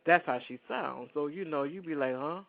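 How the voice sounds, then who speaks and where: A radio host rambles through casual talk, speaking straight to his listeners. His voice is on the high side and creaky, at a normal speed. The recording is dry with no room sound and has a phone-like, lo-fi quality.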